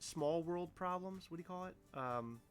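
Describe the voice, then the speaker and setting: A man's voice: fairly high pitch, normal speed. A man co-hosting a casual chat show, playful and teasing, with big exaggerated reactions. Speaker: podcast co-host.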